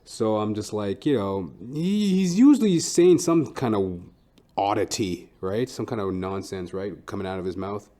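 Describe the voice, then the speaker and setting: A man's voice: on the low side, lively intonation, normal speed, dark tone. A man hosting a podcast, telling a comic story in a crude, profane, rambling way. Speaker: podcast host.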